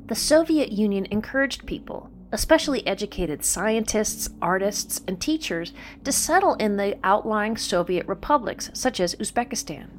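A woman in her forties from Southern California, hosting a podcast with lively, playful scripted storytelling. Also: medium pitch. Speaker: podcast host.

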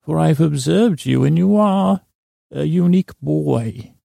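A man's voice: fairly high pitch, measured pace, vocal fry, mellow, no echo, clean studio sound, exaggerated voice. A man voicing a manipulative female vine spirit, coaxing in a silky, wheedling way. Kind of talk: improvised comedy voice acting.

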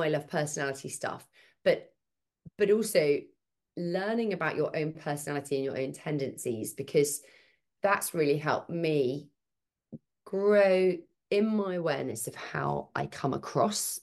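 A woman speaking as a guest in a casual podcast conversation about parenting. She talks in an emphatic, animated way and thinks aloud as she goes. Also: deep voice.

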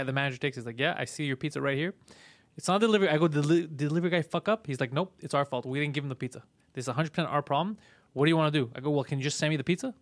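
A man hosting a casual podcast, telling a profane, animated story full of acted-out quotes. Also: on the high side, no echo. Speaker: podcast host.

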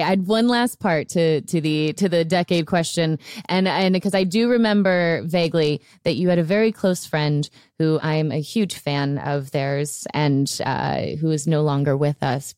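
Podcast host lady, low deep voice, dry close sound, chatty. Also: a little mellow, clean tone, no echo. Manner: chatty, quick asides, laughs along. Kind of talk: casual interview chat.

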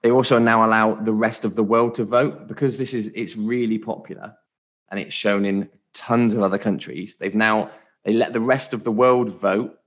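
A man's voice: on the low side, steady tone, moderate pace, fairly bright tone. Male co-host, easygoing chat, lo-fi sound. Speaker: podcast co-host. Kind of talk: casual educational chat.

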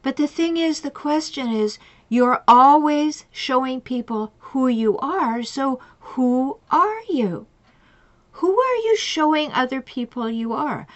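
Emphatic woman coach, slightly high, lo-fi. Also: animated, slow. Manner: emphatic, repeats pointed questions. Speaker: relationship coach. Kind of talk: advice monologue with retold client stories. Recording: dull lo-fi recording.

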